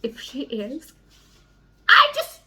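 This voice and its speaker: A woman's voice: high-pitched, huge pitch swings, takes it slowly, sharp tone. A young woman talking casually in a book vlog, emotional and rambling, swearing a lot. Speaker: book vlogger.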